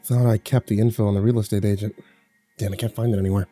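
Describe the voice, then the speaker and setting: A man's voice: medium pitch, fairly quick, soft background music, lightly acted. Man playing a frantic, angry husband. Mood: tense. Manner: bursts into shouting, then calms.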